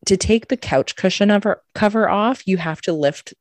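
A woman co-hosting a podcast, telling a story in a lively, casual way, swearing freely and acting out what people said. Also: mid-range voice, normal speed, no echo. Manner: animated, swears a lot, acts out quotes. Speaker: podcast co-host.

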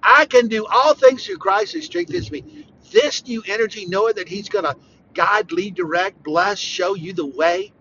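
A man preaching on a podcast in an informal, conversational way, emphatic and repetitive, with sudden bursts of loud emphasis. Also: high-pitched, expressive, moderate pace, highs cut off, a little hiss or hum. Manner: conversational, talks straight to the listener. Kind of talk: informal devotional podcast talk.

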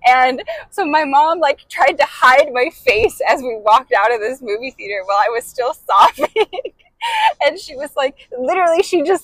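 On a low-quality recording with no echo, a young podcast co-host chats casually at normal speed in a voice that sits high. She's an animated storyteller who laughs a lot.

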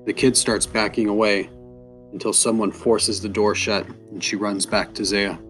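A man narrating a fantasy story in a measured, unhurried way. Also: lowish voice, flat delivery. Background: soft guitar music.

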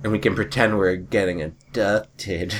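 A man's voice: low voice, fairly even intonation, a little slow, slight background noise. A man in casual chat with friends, telling stories animatedly and laughing often.

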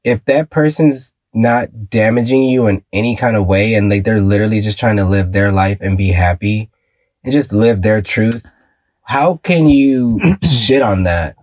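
A man's voice: lowish voice, a little slow, darkish tone, dry recording. A man co-hosting a podcast in casual chat, blunt, sassy and profane. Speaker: podcast co-host.

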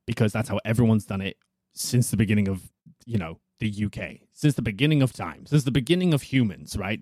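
A man's voice: lowish voice, darkish tone, no room sound, clean studio sound. A young man from South Africa, an actor, talking casually and rambling as an interview guest. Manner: rambling, thinks aloud.

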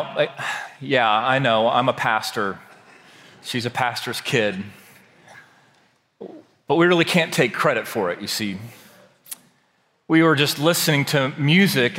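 A man pastor reading scripture dramatically and then preaching a sermon, slowing down for emphasis. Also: a little high, a bit bright. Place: large church sanctuary. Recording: long hall reverb.

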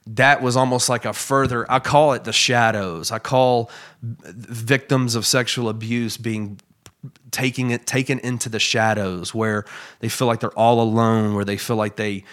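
A man telling a personal story as a guest in a conversation, earnest and halting with many fillers. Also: mid-range voice, flat delivery, a bit bright.

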